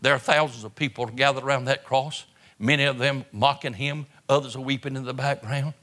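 A man delivering a sermon in an auditorium, with impassioned preaching that swings from hushed, low phrases to loud outbursts, often repeating words and restarting phrases. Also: steady tone, brisk. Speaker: pastor. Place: auditorium with an audience.

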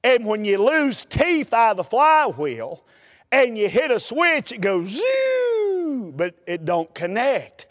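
A man, a preacher telling a humorous story in a folksy, animated way during a sermon. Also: sits high, unhurried, in a large hall.

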